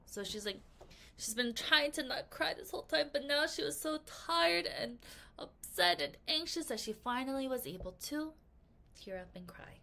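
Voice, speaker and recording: A woman teaching English vocabulary in a recorded lesson, playful and expressive, acting out example sentences and reading them slowly and carefully. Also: high-pitched, vocal fry.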